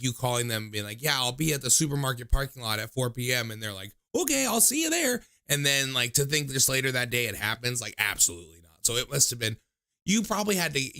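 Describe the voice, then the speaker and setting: This young livestream host, fielding call-ins, spins loose, foul-mouthed stories crowded with fillers, and when quoting others he imitates them in a high pitch. The voice is bright and forceful, clean studio sound without any room tone.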